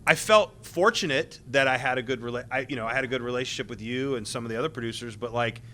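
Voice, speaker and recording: A man on a convention panel, recalling his years as a game tester. His voice is bright and forward, and he rambles with plenty of restarts and little laughs. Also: mid-range voice, fast, a little hiss or hum.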